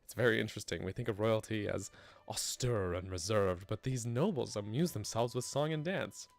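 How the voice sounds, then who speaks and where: A man's voice: fairly low pitch, normal speed, creaky. A man reading as an eager old-fashioned scholar. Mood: excited scholarly. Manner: reads game dialogue aloud, theatrical and wordy. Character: eager fussy male historian scholar.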